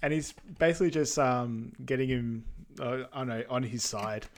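A man co-hosting a podcast, recapping a film in an easygoing way. He talks with many ums and uhs and quotes lines in a quiet voice. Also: mid-range voice, moderate pace. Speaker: podcast co-host. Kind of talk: casual film recap chat.

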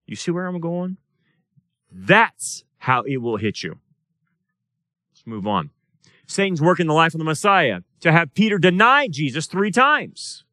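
Man, pastor, Bible study sermon, rhetorical questions, lively pitch, dry close sound. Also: unhurried, pauses often, no room sound. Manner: plays out voices in quoted dialogue. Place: church or study room.

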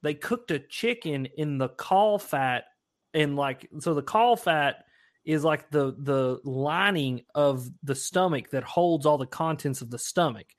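A man, his voice sitting a little high, spins stories in a loose, excited way. He says "dude" and "like" a lot as he talks with his hosts on a podcast. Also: a little slow. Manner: animated storyteller, says dude and like. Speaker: podcast guest. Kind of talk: casual storytelling.

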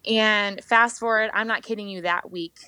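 A woman in her thirties, a worship leader, telling her faith story on a podcast guest spot in a lively, expressive way, acting out what she once said. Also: medium pitch, normal speed, clean tone, no echo. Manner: animated storytelling, acts out her own past words. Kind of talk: candid personal testimony.

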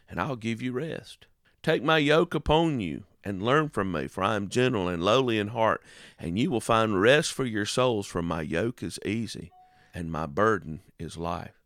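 A man preaching a radio sermon, with dramatic swings in pitch and slow, drawn-out phrases. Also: fairly bright tone, no room sound, clean studio sound.

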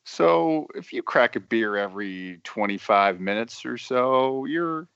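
A man's voice: mid-range voice, animated, unhurried, creaky, a bit bright, smooth, no room sound. A man co-hosting a movie podcast, laid-back and joking in casual chat. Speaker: podcast co-host. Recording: dry dull lo-fi sound.

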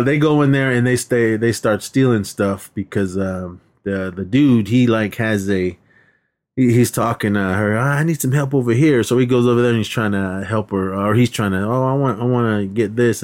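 A man's voice: fairly low pitch, a little mellow. A man co-hosting a podcast, retelling movie scenes in a rambling, casual way and laughing often. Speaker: podcast co-host. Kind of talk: casual movie recap chat.

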